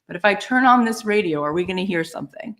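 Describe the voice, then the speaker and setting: A woman guest in a conversational interview, telling a personal story in an animated way with exclamations and casual fillers. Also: mid-range voice, fast. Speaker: podcast guest.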